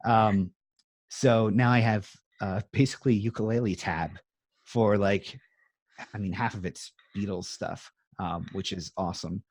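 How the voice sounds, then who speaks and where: A low-voiced man in his thirties talks over a video call from his home music room. He rambles in a self-deprecating way, with lots of ums and uhs. The sound is dry and close. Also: steady tone, unhurried, no room sound. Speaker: interview guest. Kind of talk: casual chat.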